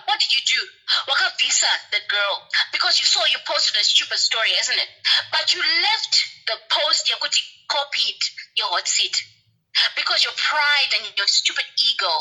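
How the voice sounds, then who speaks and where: A woman's voice: high-pitched, lively intonation, fairly quick, pushed and bright, husky, rough recording. A woman caller, indignant, switching between English and Shona on a call-in show. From Zimbabwe. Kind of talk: heated call-in complaint.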